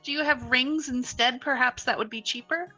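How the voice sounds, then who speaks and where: A woman's voice: sits high, normal speed, sharp tone, faint music behind, poor audio. A woman playing a tabletop game in character, casual and playful. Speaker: player.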